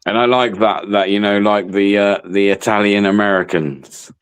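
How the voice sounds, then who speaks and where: A man's voice: lowish voice, fairly even intonation, moderate pace, clean tone, no echo. A man hosting a casual late-night live stream chat, opinionated and repetitive, swearing casually.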